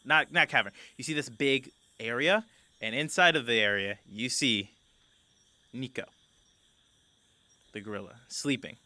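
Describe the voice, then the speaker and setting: Guy running a d&d style game, bright voice, rambly and casual. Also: mid-range voice, a little slow, pauses often, dry recording. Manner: loose and chatty, many fillers and restarts. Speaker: game master. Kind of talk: narrating a tabletop game.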